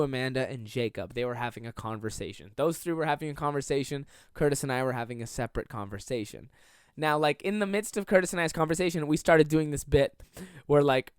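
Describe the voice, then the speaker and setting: A man's voice: fairly high pitch, a bit bright, clear, resonant tone, no echo, clean studio sound. A young man hosting a solo comedy podcast, telling rambling stories and slipping into silly voices to act them out. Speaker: podcast host.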